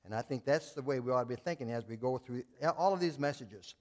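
A man preaching a sermon as a Baptist pastor, his voice sitting in an ordinary middle range. He talks in a folksy, plain-spoken way. He swings from loud, emphatic declarations down to quiet asides. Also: mid-range voice, quick pace. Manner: folksy, telling jokes and acting out voices.

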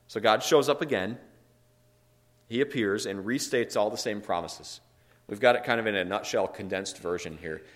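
A man leading a Bible study in a conversational teaching style, reading scripture aloud and explaining it with emphatic asides. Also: fairly low pitch.

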